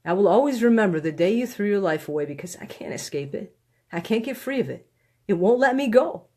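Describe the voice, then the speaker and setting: A woman reading her own book aloud in a live stream, pleading and heartfelt, with slow, deliberate phrasing. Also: mid-range voice, lively intonation, warm tone. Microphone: phone or webcam on a live stream.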